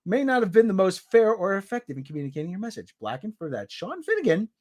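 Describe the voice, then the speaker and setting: A man's voice: high-pitched, wildly swooping pitch, quick pace, darkish tone. A man hosting a casual podcast, reading out a news article with sarcastic, exasperated asides. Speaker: podcast host.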